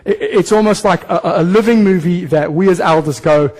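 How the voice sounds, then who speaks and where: A man preaching a sermon as a church pastor, animated and direct, often breaking into quick acted voices. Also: high voice, in a large hall, rough recording. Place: church hall.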